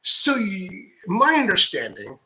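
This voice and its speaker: Coffee-pro man from the US, casual to-camera host; bright, slightly raised voice, rambling and self-deprecating. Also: high-pitched, huge pitch swings, slow, slight background noise, low-quality recording. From United States. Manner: rambling, lots of "like" and restarts. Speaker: coffee professional and channel host.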